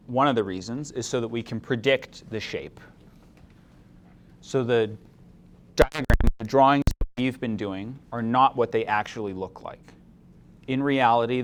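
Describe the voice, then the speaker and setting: A man's voice: mid-range voice, slight background noise. A man teaching a chemistry lecture, explaining step by step and asking the class questions. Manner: asks the class questions, mildly opinionated. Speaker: chemistry instructor.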